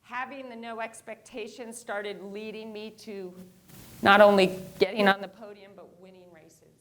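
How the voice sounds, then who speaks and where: A woman's voice: mid-range voice, normal speed. A woman giving a keynote talk to a live audience, telling a story and acting out the quotes in it. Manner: animated, acts out quotes in her story. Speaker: motivational speaker. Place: stage before a live audience.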